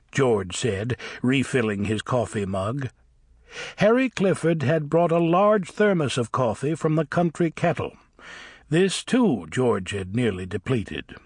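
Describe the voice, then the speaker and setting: Husky man narrating expressively. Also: mid-range voice, no room sound, studio quality. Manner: expressive, varied storytelling delivery. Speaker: audiobook narrator. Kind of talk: scripted narration.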